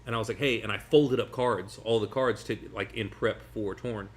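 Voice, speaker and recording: A man, a magician guest, telling stories in casual chat over food, rambling and animated with many restarts. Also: lowish voice, normal speed. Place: sitting at a table over food.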